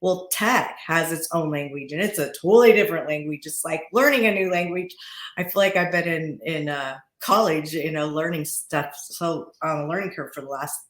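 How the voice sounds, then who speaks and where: A woman in her forties, a podcast guest talking casually, chatty and quick to laugh, often restarting and repeating words. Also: deep voice, roomy sound. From Utah. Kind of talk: casual interview talk. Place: podcast studio.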